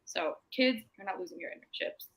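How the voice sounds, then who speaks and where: A woman's voice: mid-range voice, a little fast, gravelly, low-quality recording. A woman in her twenties, a sports broadcaster speaking as a panel guest, retelling events enthusiastically in casual talk. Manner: enthusiastic, upbeat retelling with lively quotes.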